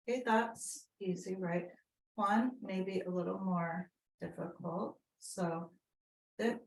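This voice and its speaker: A woman at a wellness session talks a group through each stroke at a slow, unhurried pace. Her voice sits at an ordinary middle pitch, and she gives patient, step-by-step instructions. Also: a little mellow, poor audio. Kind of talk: guided calligraphy tracing and affirmations. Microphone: unplugged microphone, then plugged back in.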